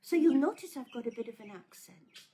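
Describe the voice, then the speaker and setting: A woman's voice: high-pitched, expressive, a little fast, warm tone. A woman imitating a male romance scammer who sweet-talks and calls his target honey, over a noisy recording with birds chirping behind. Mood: sweet-talking. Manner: syrupy, wheedling, calls everyone honey.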